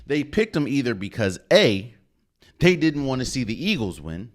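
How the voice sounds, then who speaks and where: A man's voice: medium pitch, big pitch swings, moderate pace. A man hosting a podcast, giving emphatic solo sports commentary and repeating phrases for effect. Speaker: podcast host.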